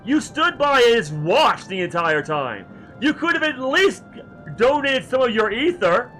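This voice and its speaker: A man voicing an indignant, exasperated young game hero who shouts in outrage. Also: very high voice, big pitch swings, a little slow, faint music behind, pitched above the performer's own voice, exaggerated voice. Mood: outraged.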